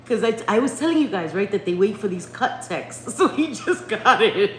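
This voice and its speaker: A middle-aged woman chatting casually on a home live stream, loud and swearing, laughing a lot. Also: medium pitch, animated, moderate pace. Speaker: livestream host. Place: home bedroom at night. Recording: echoey room with faint noise.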